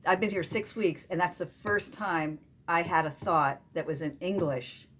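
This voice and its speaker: A middle-aged woman from Delaware, explaining at an even, measured pace in a casual group chat. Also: fairly low pitch, slight background noise. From Delaware, United States. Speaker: study group member.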